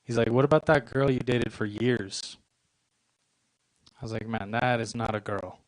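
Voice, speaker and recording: A young man in his twenties works through a stand-up set with a deadpan, self-mocking delivery, landing short punchlines. His voice sits at an ordinary middle pitch and sounds close and dry, with little room around it. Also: normal speed, dry recording, rough recording. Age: 20s. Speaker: stand-up comedian. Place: comedy club stage.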